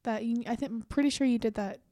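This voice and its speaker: A woman's voice: on the high side, fast, warm tone, no echo, clean studio sound. A young woman co-hosting a casual podcast, chiming in with short supportive details. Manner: supportive, adds short prompts. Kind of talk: casual chat.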